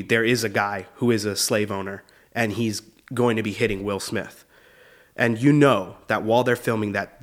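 Man, comedian, casual profane rant, mid-pitched voice. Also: fairly bright tone. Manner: loose, profane, keeps saying dude. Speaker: comedian host. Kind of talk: comedy podcast monologue.

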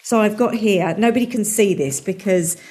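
A woman's voice: medium pitch, normal speed, a little mellow. A woman hosting a podcast, chatting in an upbeat way and laughing a lot. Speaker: podcast host. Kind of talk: casual interview chat.

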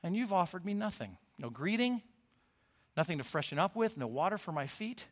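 A man voicing a calm, gentle male teacher who speaks quietly, low and measured. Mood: gently rebuking.

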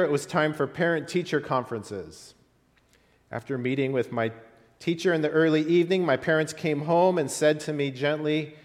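A man preaching a sermon as pastor, telling stories with rising and falling emphasis. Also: medium pitch. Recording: long hall reverb.

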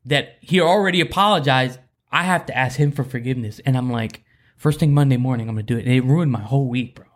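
A man's voice: medium pitch, quick pace. A man sharing a candid personal story in a faith talk, earnest and rambling, with many restarts.

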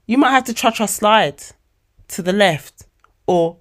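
A woman of forty, hosting a casual motivational podcast monologue, animated and emotional, calling her listeners babes. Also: mid-range voice, unhurried. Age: 40s. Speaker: podcast host.

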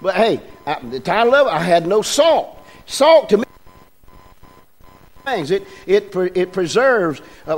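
An older man, a pastor telling folksy stories in a sermon and asking his congregation questions. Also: sits high. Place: church sanctuary.

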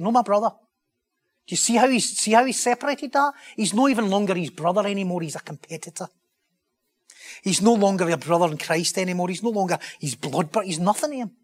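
A man preaching a sermon, impassioned and building to loud, emphatic rhetorical questions. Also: high voice, fast talker.

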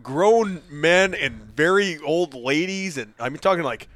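A man's voice: on the high side, lively intonation, fairly bright tone, no room sound. A man joking and telling stories in casual podcast chat, laughing often. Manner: quick, laughing, joking banter.

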